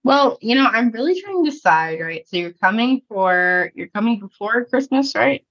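A woman's voice: on the high side, very animated, normal speed, a bit bright. Rambling American woman, lo-fi sound. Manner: rambling, fills speech with "like", laughs easily. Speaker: podcast co-host. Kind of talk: casual chat. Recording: dull lo-fi sound.

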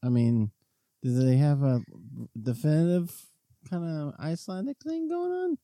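Joking host man, lively swinging pitch, dry close sound. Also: unhurried, no echo. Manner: joking, lively, puts on silly voices. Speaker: podcast host. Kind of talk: casual chat.

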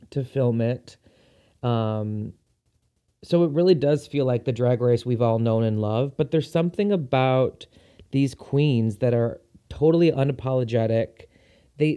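Male podcast host, casual enthusiastic chatter, mellow mid-pitched voice. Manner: chatty and enthusiastic, frequent ums. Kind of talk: casual solo podcast chat.

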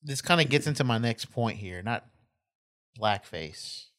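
A man's voice: mid-range voice, expressive, a little slow, fairly bright tone. A man co-hosting a casual chat, playful and a bit defensive.

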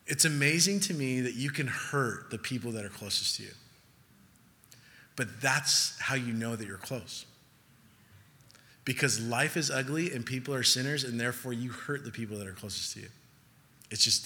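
Bright-voiced male preacher in a reverberant hall. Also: medium pitch. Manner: conversational, playful, acts out quick voices. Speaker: pastor. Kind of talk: sermon. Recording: long reverb of a large hall.

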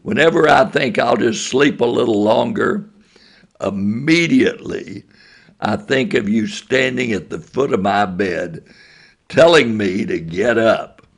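A man's voice: medium pitch, unhurried, creaky. A man voicing a teenage boy who stammers when startled and talks earnestly years later, in a retold story. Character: sleepy teenage boy, stammering then grateful.

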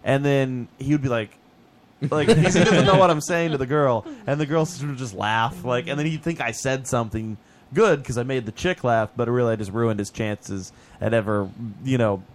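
A man co-hosting a podcast, chatting casually and telling stories with lively, animated delivery. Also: mid-range voice, moderate pace. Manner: animated storyteller, puts on silly voices. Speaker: podcast co-host. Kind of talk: casual group chat.

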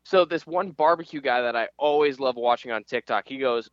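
A man's voice: medium pitch, brisk, clean tone, no room sound, muffled recording. A young man co-hosting a podcast, telling rambling stories full of fillers in casual chat. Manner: rambling storyteller, many fillers. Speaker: podcast co-host.

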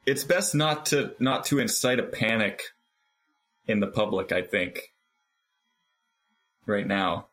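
A man's voice: lowish voice, expressive, slow, pauses often, fairly bright tone, faint music behind. A man takes part in a casual tabletop role-playing session. He talks things through thoughtfully, often repeating a word or two as he works out what to say. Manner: thoughtful, talks in character and out, repeating words as he goes. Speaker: player.

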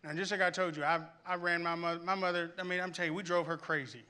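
Brief: high-pitched man with a very bright voice, an animated storytelling preacher. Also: fast, clean tone. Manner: animated storytelling, laughing and shouting. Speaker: pastor. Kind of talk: sermon.

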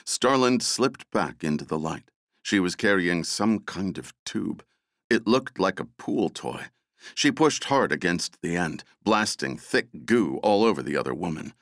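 A man narrating an action novel as an audiobook, dramatic and expressive. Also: sits low, a little slow, no room sound, clean studio sound. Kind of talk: scripted narration.

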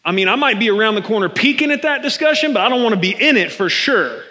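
Animated high-voiced male pastor. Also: fast, long reverb tail. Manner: conversational, animated, addresses listeners as "man". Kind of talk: sermon.

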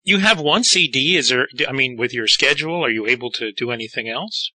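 Bright-voiced enthusiastic male interviewer. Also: mid-range voice, animated, fairly quick, dry recording, low-quality recording. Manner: eager, fanlike, many fillers. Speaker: interviewer host. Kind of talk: casual interview chat.

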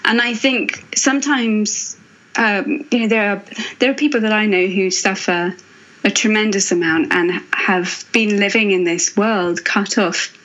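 Woman guest, earnest and reflective, stops and restarts a lot, mid pitch, kinda muffled recording. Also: fairly bright tone. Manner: earnest, thoughtful, with pauses and restarts. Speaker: author and guest. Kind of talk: reflective faith podcast conversation.

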